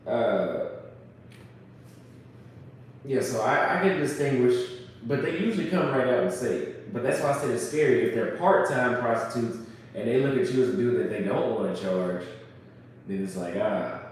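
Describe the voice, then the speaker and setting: A man's voice: mid-range voice, moderate pace, a little hiss or hum. A man talking casually and bluntly, rambling and crude, mocking others by quoting them in put-on voices. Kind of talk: casual chat. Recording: echoey room, voice from far off.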